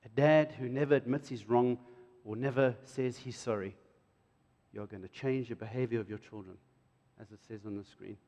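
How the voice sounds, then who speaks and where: A middle-aged man, preaching a sermon in an animated way and acting out quotes. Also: normal speed, highs cut off. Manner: animated, jumps to loud high emphasis and acts out quotes. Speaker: pastor. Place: church hall. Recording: reverberant church hall.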